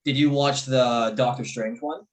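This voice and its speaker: A man hosting a casual chat show, telling stories in an animated way and laughing often. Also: medium pitch, unhurried, rough recording. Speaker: podcast host.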